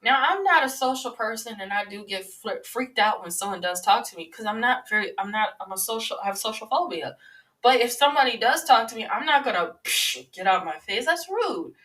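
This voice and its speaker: A woman in her twenties chats her way through celebrity news on her podcast, rambling loosely and filling pauses with plenty of ums. Her voice is bright and sharp. She sits a little back from the microphone, so the sound is slightly distant. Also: a little high, expressive. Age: 20s. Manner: rambling, chatty, many filler sounds. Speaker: podcast host. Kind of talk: casual celebrity-news monologue.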